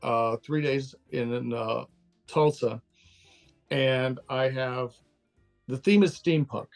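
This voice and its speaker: Gravelly-voiced older man, candid and chatty. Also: medium pitch, a little mellow. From Texas, USA. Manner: candid, laughs easily, loose and chatty. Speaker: guest. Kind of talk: casual interview over a call.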